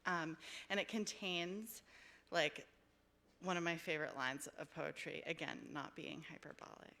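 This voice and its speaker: A woman poet reads her work aloud at a library event, taking her time with each phrase. Her voice sits low but has a bright, clear edge. Between poems she chats in an effusive, hesitant, self-deprecating way. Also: a little slow. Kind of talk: live poetry reading with chatty asides. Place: public library event room.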